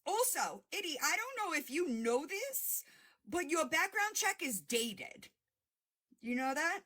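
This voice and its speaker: A woman's voice: sits high, very animated, unhurried, bright, forceful tone. A woman hosting a livestream, confronting someone in a heated, profane, mocking rant. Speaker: livestream host.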